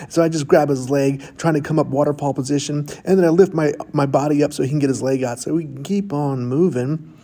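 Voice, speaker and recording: A man's voice: fairly high pitch, fairly quick, warm tone. A middle-aged man casually narrating his own jiu-jitsu roll in a voice-over, goofy and self-mocking, chatting through each move.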